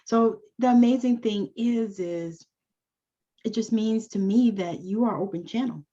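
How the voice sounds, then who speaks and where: A woman's voice: fairly high pitch, unhurried. A woman hosting an interview, reacting with exclamations and asking follow-up questions. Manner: warmly reactive, exclaims and asks follow-ups. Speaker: host. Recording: dull lo-fi audio.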